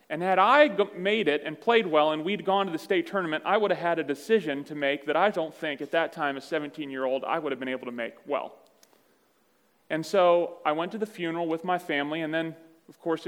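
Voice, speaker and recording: A man with a slightly high voice preaches in a conversational, self-deprecating storytelling manner. His words ring out with a long reverb through a large church hall. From Virginia, USA. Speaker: pastor. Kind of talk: sermon. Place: church sanctuary.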